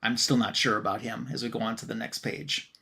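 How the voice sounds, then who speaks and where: A man's voice: lowish voice, fairly quick, slightly rough. A man, a podcast co-host, casually recapping a comic scene by scene, reading out the characters' lines with plenty of "um" and "uh". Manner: retells scenes by reading out dialogue with "she's like"; relaxed, frequent "um" and "uh" fillers.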